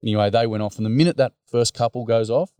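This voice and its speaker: This man talks fast, his medium-pitched voice dark and smooth, with no room sound. An Australian teacher and mentor, he tells stories as a guest on a podcast interview in a laid-back, blokey way full of "mate" and filler words.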